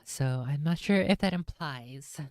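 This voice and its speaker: A woman streamer with a low voice reads a book aloud on a live stream, casual and jokey, with swearing asides. The sound is dry and close to the mic. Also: unhurried, a little mellow, dry recording.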